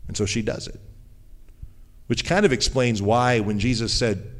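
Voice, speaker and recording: A male pastor giving a conversational sermon, acting out what people say and dropping to a low, quiet voice for emphasis. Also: brisk.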